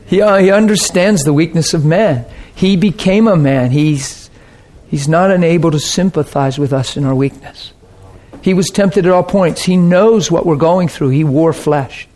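Man, preacher, sermon, earnest, conversational, slightly high voice. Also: moderate pace, darkish tone. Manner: earnest, conversational, often checks in with the audience.

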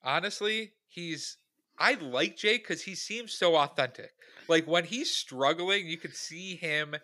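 Guy on a podcast, casual and easygoing, crisp bright voice, really dry close mic. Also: fairly high pitch, a little slow, no room sound. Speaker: podcast co-host. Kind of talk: casual chat.

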